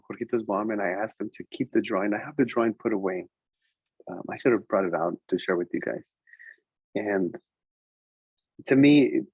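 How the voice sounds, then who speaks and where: Husky-voiced man telling a classroom story. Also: medium pitch, no echo, low-quality recording. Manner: animated, switches between English and Spanish. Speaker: preschool teacher presenting to educators. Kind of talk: storytelling presentation.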